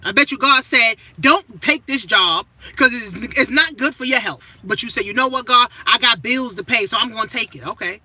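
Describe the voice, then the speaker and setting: Blunt, profane woman coach with a piercing, husky voice. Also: mid-range voice, low-quality recording. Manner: blunt and profane, with repeated rhetorical questions; punchy, emphatic phrasing that swings between loud and hushed. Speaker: money coach. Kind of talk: motivational rant to camera.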